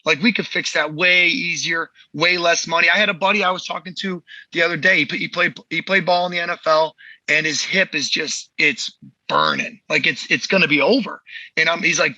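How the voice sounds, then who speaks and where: A man with a high, very bright and husky voice, talking bluntly and with a lot of swearing on a casual podcast. The sound is dry and a little dull. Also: moderate pace, no echo. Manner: blunt, profane, heated and emphatic. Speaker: podcast host, movement coach.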